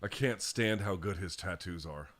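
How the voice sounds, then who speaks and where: A man's voice: low voice, moderate pace, fairly bright tone, no room sound, studio quality. A man co-hosting a live watch-along, chatting casually, swearing freely and rambling through stories. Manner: laid-back, swears freely, rambling storyteller. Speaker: co-host.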